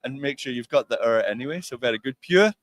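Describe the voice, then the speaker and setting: Glaswegian man, patient explainer, mid pitch, dry recording. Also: expressive, fast talker, no room sound. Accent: Scottish (Glasgow). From Glasgow, Scotland. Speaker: conference guest discussing accents. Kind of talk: casual livestream interview.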